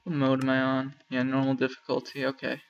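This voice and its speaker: A man's voice: mid-range voice, completely flat delivery, brisk, dull audio, a little hiss or hum. A man casually commenting while playing a video game, chatting wryly and talking to the animals on screen. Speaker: let's play gamer.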